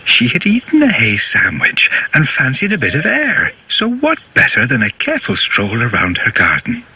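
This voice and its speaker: A man narrating a children's cartoon story in a gentle, playful and sing-song way, with loud music playing behind. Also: mid-range voice, huge pitch swings, moderate pace, a little hiss or hum, poor audio.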